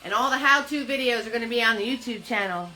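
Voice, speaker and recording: A woman with a New Jersey accent who drops her R's, leading a live painting class, chatty and quick to laugh as she greets viewers by name. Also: on the high side, sharp tone, low-quality recording. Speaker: painting instructor.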